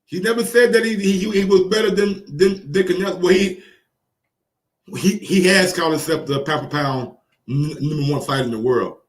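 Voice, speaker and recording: A man hosting boxing commentary, reacting in casual, profane, excitable talk and repeating phrases for emphasis. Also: high voice, moderate pace, reverberant, distant mic. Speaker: boxing commentary channel host.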